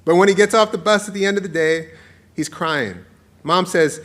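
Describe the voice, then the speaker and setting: A man in his forties reading his own essay aloud to an audience, with playful, warm storytelling and frequent laughter. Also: high-pitched, moderate pace. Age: 40s. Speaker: author.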